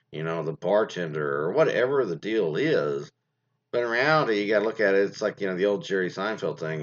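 Brief: a low-pitched man, animated and digressive, chatting through story readings on a dull lo-fi mic. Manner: rambling, filler-heavy, digressive. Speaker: commentator reading stories aloud. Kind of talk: rambling casual commentary.

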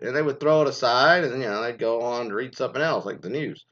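A man riffs through a casual commentary, wandering off into exasperated, profanity-laced stories. His voice swings widely in pitch as he rants. The audio sounds a little dull and lo-fi. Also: expressive, brisk, vocal fry, sharp tone. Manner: profane, rambling, exasperated storytelling. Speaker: commentary host.

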